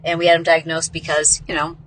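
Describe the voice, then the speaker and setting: A woman's voice: low voice, monotone, fast, a bit bright, a little hiss or hum. A woman hosting a podcast and telling a personal story in a casual, heartfelt, rambling way, with lots of "like". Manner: heartfelt, rambling, heavy use of "like". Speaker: podcast host.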